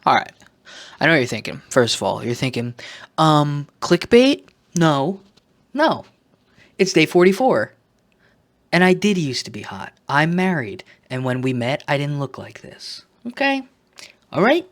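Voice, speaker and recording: A man talking straight to camera in a confessional vlog, self-mocking, jumping between loud joking outbursts and quiet muttered asides. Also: a little high, big pitch swings, unhurried, pauses often. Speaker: vlogger.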